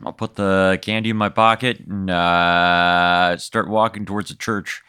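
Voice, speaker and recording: A man playing in a comedic tabletop game who answers in terse, deadpan replies. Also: low voice, unhurried, clean tone, dry recording, clean studio sound. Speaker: player. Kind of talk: improvised comedic game play.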